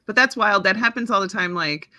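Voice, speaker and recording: A man's voice: high-pitched, brisk, pushed and bright, dry recording, clean studio sound. A man co-hosting a casual chat, musing chattily about odd coincidences.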